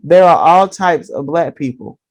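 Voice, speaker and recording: This is a man with a notably high-pitched voice, co-hosting a casual podcast discussion. He speaks in a measured, explanatory way, laying out his points one after another.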